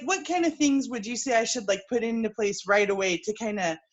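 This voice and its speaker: Woman asking a question on a call, hesitant, lots of "like", muffled lo-fi sound. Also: on the high side. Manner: hesitant, many fillers. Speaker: new director asking a question.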